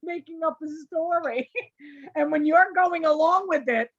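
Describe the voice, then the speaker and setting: A woman's voice: high-pitched, measured pace, dull audio. A woman co-hosting a casual podcast, brash and laughing, swearing freely. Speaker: podcast co-host. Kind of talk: casual chat.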